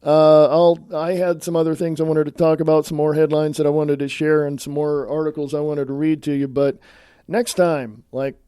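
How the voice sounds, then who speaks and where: A man's voice: fairly high pitch, flat delivery, a little fast, dark tone, clean tone, dry recording, studio quality. A man hosting his own podcast, talking bluntly in a scolding, sarcastic monologue. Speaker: podcast host.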